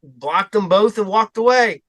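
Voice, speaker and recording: An unhurried middle-aged man hosts a podcast, his high-pitched voice fairly bright in tone. He chats casually and wanders through a story, quoting what he and others said.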